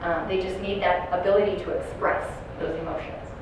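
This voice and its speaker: A woman's voice: fairly low pitch, steady tone, a little fast. A woman giving a training talk to caregivers, telling stories and putting questions to the audience in a large room. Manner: storytelling, asks the audience questions. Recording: echoey room from far off, noisy.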